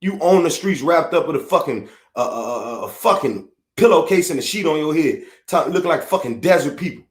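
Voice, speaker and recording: He's a middle-aged podcast host with a Chicago accent, and his voice runs fairly high, expressive and brisk. His unfiltered rant is blunt, profane, heated and repetitive, recorded in a room with noticeable echo.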